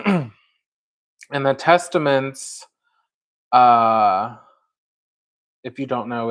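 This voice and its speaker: Slow, rambling male livestream host. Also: fairly low pitch, a bit bright. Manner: rambling recap full of "like" and "um", speaking directly to a viewer in chat. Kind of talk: casual livestream chat.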